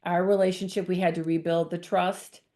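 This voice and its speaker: Woman with a slightly low voice, heartfelt guest testimony, sincere and open. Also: level tone, normal speed, dark tone. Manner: earnest, emotional storytelling. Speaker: guest author sharing testimony. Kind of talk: personal faith testimony.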